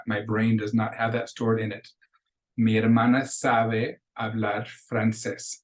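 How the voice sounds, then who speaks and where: A man's voice: mid-range voice, low-quality recording. A man teaching a beginning Spanish class in a recorded lecture, patiently explaining verbs and mixing English with Spanish examples. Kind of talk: recorded lecture over slides.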